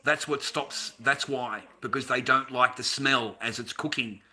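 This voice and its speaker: A man's voice: mid-range voice, steady tone, unhurried, pushed and bright. An Australian man and father ranting to camera in a heated, swearing monologue, calling the listener mate. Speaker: vlogger, father.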